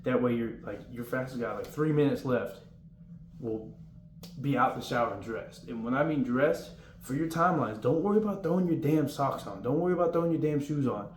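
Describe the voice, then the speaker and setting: A young man talks in a loose, rambling way as he gives advice about basic training, sometimes acting out the yelled commands. His voice sits at a middle pitch. The room is roomy and echoey, with a faint hum behind him. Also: expressive, fairly quick. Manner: rambling, informal, acts out drill yelling. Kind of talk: casual advice vlog.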